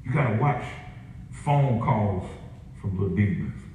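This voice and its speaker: A man's voice: on the low side, very animated, unhurried, mellow, slight background noise. A man preaching a sermon in call-and-response style, chuckling between lines as he drives his points home. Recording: echoey room picked up from a distance, faint ambience.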